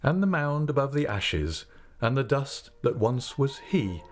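In scripted audiobook narration, a male narrator with a mid-range voice reads a classic novel in an expressive, measured storytelling style.

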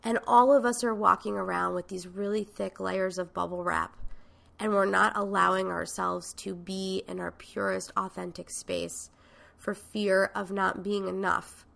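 A woman hosting a podcast gives a motivational talk in a frank, emphatic way, with casual swearing. Her voice is bright and forward, with a gravelly, creaky texture. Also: mid-range voice, steady tone, a little slow. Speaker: podcast host and coach.

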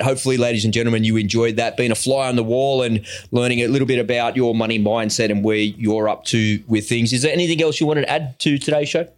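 A middle-aged man with an Australian accent hosting a podcast in casual, laid-back chat, laughing often. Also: medium pitch. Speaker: podcast host.

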